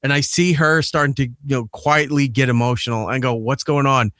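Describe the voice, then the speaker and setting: Profane, animated man telling a story. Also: medium pitch, fairly quick, no echo, clean studio sound. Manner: profane, animated retelling that acts out quoted lines. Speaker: podcast host and father. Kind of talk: casual storytelling chat.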